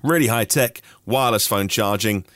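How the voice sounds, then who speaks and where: A man's voice: fairly low pitch, moderate pace, fairly bright tone, no echo, studio quality. A man from Norfolk hosting a daily news podcast, reading through stories in a chatty way with personal asides. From Norfolk, England. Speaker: podcast host.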